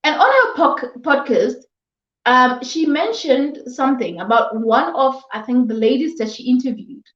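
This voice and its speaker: A woman with a high voice speaks slowly and with emphasis in a motivational talk, often repeating herself and scolding her listeners. The sound is dull and lo-fi, and it rings around an echoey room. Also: lively intonation, a bit bright. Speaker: motivational vlogger.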